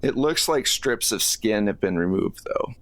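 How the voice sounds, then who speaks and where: A man as game master, narrating scenes in a measured, descriptive way. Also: on the low side, animated, fairly bright tone, no room sound.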